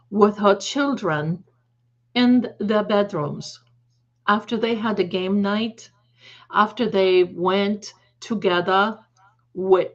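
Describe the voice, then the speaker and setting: A woman hosts a casual live stream in a rambling, emphatic way, often restarting her thoughts. She takes her time, with a medium pitch. The audio is dull and lo-fi, like a low-quality stream. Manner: rambling, emphatic, frequent self-corrections.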